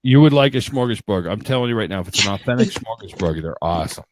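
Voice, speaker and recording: A man hosting a live podcast, loud and teasing, swearing freely in casual banter with his guests. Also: on the low side, animated, fast. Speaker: podcast host.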